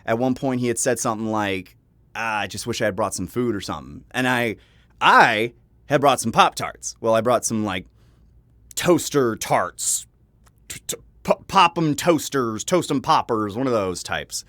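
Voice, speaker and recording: A man's voice: medium pitch, expressive, moderate pace, a bit bright, no room sound. A young man telling a personal story in a casual vlog, rambling with frequent laughs and restarts, swearing now and then. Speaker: vlogger. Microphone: home microphone.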